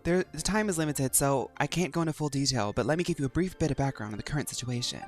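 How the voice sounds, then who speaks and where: A man reading lines as a composed woman leader giving a brisk formal briefing. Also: mid-range voice, soft background music, lightly acted. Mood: serious.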